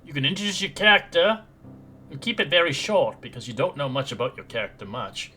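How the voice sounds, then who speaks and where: A man narrating a tabletop game as game master in a halting, rambling way with restarts. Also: fairly high pitch, sharp tone, slightly rough.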